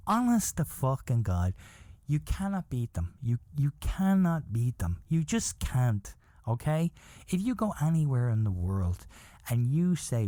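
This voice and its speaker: A man's voice: medium pitch, unhurried, dry recording, studio quality. A man hosting a podcast, telling a story as a profane, exasperated comedic rant. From from outside the USA. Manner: profane, animated, exasperated rants. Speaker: podcast host.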